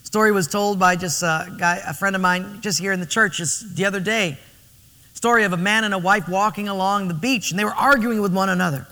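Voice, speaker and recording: A male pastor preaches with emphatic, animated storytelling. His voice is high and sharp-edged. The church hall adds a long reverb to every line. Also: a little fast. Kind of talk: sermon.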